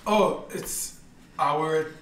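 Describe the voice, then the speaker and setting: A woman's voice: low voice, very slow. A woman bantering casually with a friend, dry and teasing. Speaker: friend on camera. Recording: echoey room with background noise.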